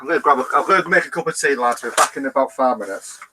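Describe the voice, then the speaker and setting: Fast-talking Yorkshire man, noisy mic. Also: medium pitch. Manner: quick, joking banter. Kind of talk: casual online group chat.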